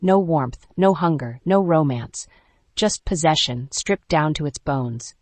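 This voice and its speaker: A narrator reading a first-person romance audiobook in an even, measured way, with clipped dramatic pauses. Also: mid-range voice, dry recording.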